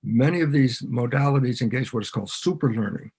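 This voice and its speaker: A man's voice: medium pitch, brisk, darkish tone, slightly rough. A man, a biologist guest on a podcast, explaining ideas in conversation and animatedly acting out both sides of imagined dialogues.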